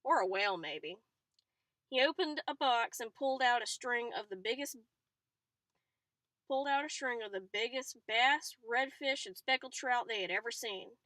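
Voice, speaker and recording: A woman reading a novel aloud in a chatty way, stopping now and then for excited asides. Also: on the high side, normal speed, no room sound. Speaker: reader.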